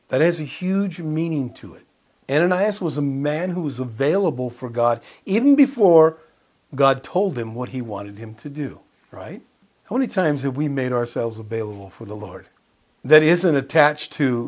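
A man with a husky, breathy voice leads a Bible study sermon in a conversational way. He chuckles often and throws questions out to the people listening, at an ordinary mid pitch. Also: lively intonation, unhurried, darkish tone. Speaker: preacher.

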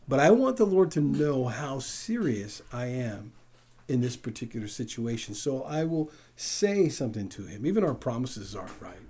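A man preaching a sermon, animated and conversational, who keeps posing questions to his listeners. His voice is dark and a little husky, and it swings widely up and down as he stresses each point. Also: mid-range voice. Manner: animated, chuckling, asks the room questions. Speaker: pastor.

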